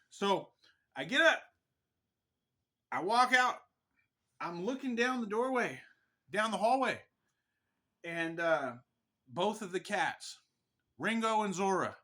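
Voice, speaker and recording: A man from Pennsylvania telling a personal ghost story in a rambling, animated way, often tacking on "right?". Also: high-pitched.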